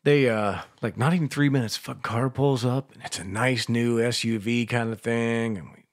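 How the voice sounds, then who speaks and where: A man's voice: mid-range voice, steady tone, normal speed, dry recording, clean studio sound. An older man co-hosting a radio show, telling rambling stories full of swearing in casual banter. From Washington, D.C. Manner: profane, rambling storyteller. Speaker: radio co-host.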